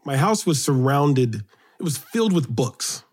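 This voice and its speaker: A middle-aged man from Brooklyn, New York, guest in an interview, telling childhood stories in an animated way, his voice lifting when excited. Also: measured pace. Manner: animated storyteller, rises in pitch when excited. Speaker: guest, children's author and poet. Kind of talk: storytelling interview.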